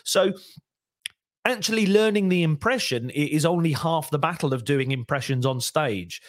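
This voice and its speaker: A man's voice: a little high, normal speed, dry recording, studio quality. A man, a comedian and impressionist, chatting on a podcast and slipping into voices as he talks. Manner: lively storyteller, slips into voices mid-sentence. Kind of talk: casual podcast chat.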